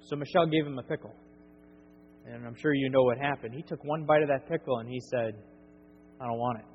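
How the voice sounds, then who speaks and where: A middle-aged man preaching a sermon, earnest, building to emphatic peaks and then dropping soft. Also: medium pitch, fast. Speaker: pastor. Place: church sanctuary. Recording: dull lo-fi church recording with long reverb and faint hum.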